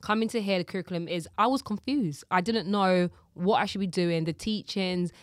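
A woman's voice: fairly low pitch, brisk, no room sound, clean studio sound. A young woman from Jamaica touched by speech, chatting as an interview guest, laughing often and acting out her stories. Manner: lively storyteller, laughs often, acts out quotes. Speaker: guest, live host and presenter. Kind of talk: casual interview chat.

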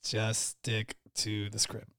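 A man's voice: fairly low pitch, completely flat delivery, slow pace, a bit bright, clear, resonant tone, dry recording, studio quality, voice pushed down. A man voicing an exasperated film director in a comedy sketch, pleading and laughing through his lines. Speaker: podcast co-host.

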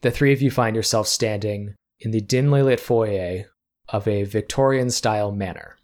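A man narrating a tabletop role-playing game as game master, in measured storytelling. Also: lowish voice, darkish tone.

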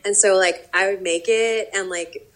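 Young woman baker, casual tasting chat, rambling with fillers, mid-pitched voice. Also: normal speed, poor audio. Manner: rambling, many fillers, lively. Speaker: professional baker, co-host.

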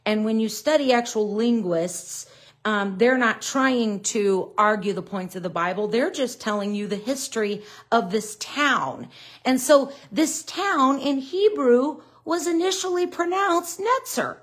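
A middle-aged woman with a Southern US accent, teaching a live-streamed Bible study in an unhurried, conversational way, and she gets indignant when she talks about critics. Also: a little high.

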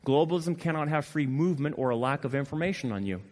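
Fervent male preacher, direct and animated, voice pitched a little high, ringing in a reverberant sanctuary. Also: fast. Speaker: pastor. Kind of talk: sermon. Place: church sanctuary.

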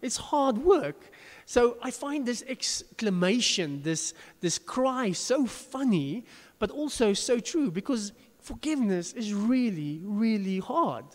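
A man's voice: high-pitched, big pitch swings, takes it slowly, big-room sound. A pastor preaching a sermon to his congregation, chatty and self-deprecating, with frequent restarts.

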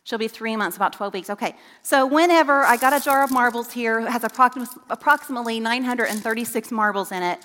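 A woman's voice: on the high side, quick pace, hardly any pauses, fairly bright tone, a little hiss or hum. A middle-aged woman, a children's ministry director, giving an earnest, emphatic talk to parents in a church, turning to quiz the kids now and then. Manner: earnest, emphatic preaching with rising questions to kids. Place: church sanctuary. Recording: long reverb in a church hall.

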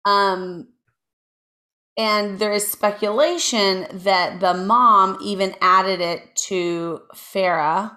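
A woman's voice: medium pitch, steady tone, slow pace, sharp tone. Woman on a podcast rambling thru a crime story, ums and side comments, casual. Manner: chatty, lots of ums and asides, reads from notes. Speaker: podcast co-host telling a true crime story. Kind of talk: casual chat.

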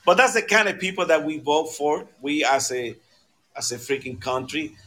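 A man's voice: on the high side, animated, moderate pace, pushed and bright. A man co-hosting a casual political talk show, ranting angrily and swearing often. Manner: profane, angry ranting. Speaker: podcast co-host.

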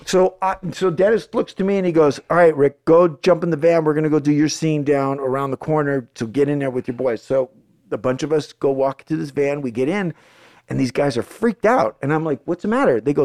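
A middle-aged American man, an actor, telling stories in casual chat, animated and profane, acting out the voices of the people in them. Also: fairly high pitch, brisk. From United States. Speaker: actor guest. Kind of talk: casual storytelling.

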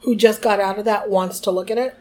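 A woman co-hosting a podcast in casual chat, chatty and animated, sometimes reading passages aloud. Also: medium pitch, a little fast. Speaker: podcast co-host.

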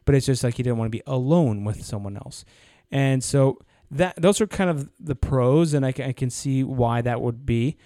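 Mellow-voiced man chatting on a podcast. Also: mid-range voice, moderate pace, hardly any pauses, dry recording, clean studio sound. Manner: rambling, acts out quoted people in anecdotes. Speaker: podcast co-host. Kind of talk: casual podcast conversation.

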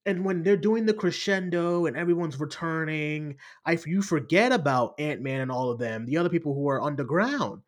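A man co-hosting a podcast in casual pop-culture chat, animated and swearing, often laughing as he retells scenes. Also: on the high side, brisk, few pauses. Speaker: podcast co-host.

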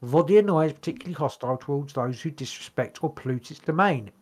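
Casual podcast co-host, man with a slightly high voice who reads notes aloud, stumbles and swears. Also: animated, quick pace, darkish tone. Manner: stumbling over words while reading aloud, swears casually.

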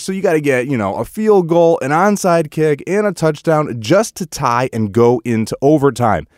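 Excitable man talking football. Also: on the high side, no room sound, studio quality. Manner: excitable, swings between frustration and hype. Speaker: sports podcast co-host. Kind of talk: casual sports chat.

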